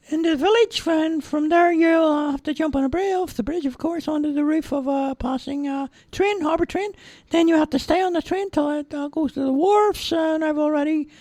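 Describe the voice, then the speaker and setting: A man voicing a chatty, helpful little male mouse in a storybook reading, squeaking and hesitating with many uhs. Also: darkish tone, no echo.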